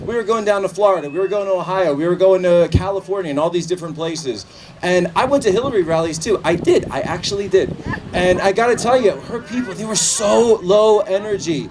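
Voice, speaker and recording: A man giving a political rally speech outdoors, shouting to a crowd and leading chants. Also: high-pitched, brisk, far from the mic. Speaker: rally speaker. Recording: loud crowd and outdoor noise. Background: cheering crowd.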